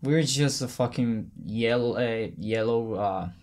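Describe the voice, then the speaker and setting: A man in casual podcast chat, excitable and quick to swear. His voice sits at an ordinary middle pitch. He often trails off and picks the thought up again. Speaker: podcast guest.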